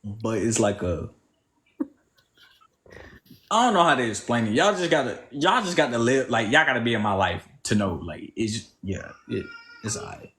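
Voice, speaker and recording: A man with a deep voice and a New York accent mixed with Southern, chatting casually and loosely on a live stream, slangy and rambling. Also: big pitch swings, normal speed, pauses often, a bit bright, slight background noise. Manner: laid-back, slangy, rambling. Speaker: livestream co-host.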